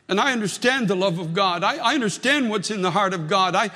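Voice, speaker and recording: A man's voice: high voice, lively intonation, a little fast, pushed and bright, in a large hall. An older man preaching a sermon as a pastor, earnest and emphatic, leaning on repeated phrases.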